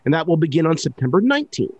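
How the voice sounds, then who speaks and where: A man in a casual panel chat, giving class details in an informative, slightly halting way. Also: fairly high pitch, sing-song, darkish tone, breathy edge, no room sound, muffled recording.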